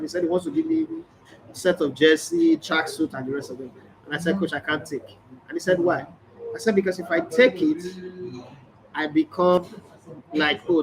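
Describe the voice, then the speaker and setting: A middle-aged Nigerian man with a somewhat high voice hosts a sports vlog, a sports journalist delivering a casual monologue. He tells stories emphatically and acts out quoted exchanges. The recording is rough with a little hiss or hum, made in a hotel room or indoor space with background ambience.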